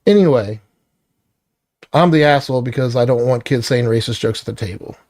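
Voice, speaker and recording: A man's voice: mid-range voice, brisk, darkish tone, no echo, studio quality. A middle-aged man venting in a blunt, profane, irritated personal vlog rant. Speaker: vlogger.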